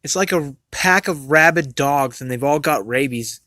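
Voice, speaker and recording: His voice a little high, pushed and bright, this livestream host launches into a heated, profane rant at normal speed, stumbling over repeated words. No room sound is present.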